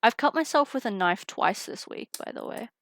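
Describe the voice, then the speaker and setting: Unboxing trading cards live, a young woman talks to her chat in a chatty, giggly way and greets viewers over headphones with a mic. Her voice is fairly high, bright and animated, at a normal speed.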